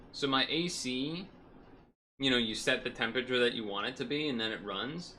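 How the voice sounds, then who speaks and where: A man's voice: mid-range voice, bright, forceful tone, slight background noise. A man streaming from home, chatting casually in a rambling, self-correcting way while hot and sweaty.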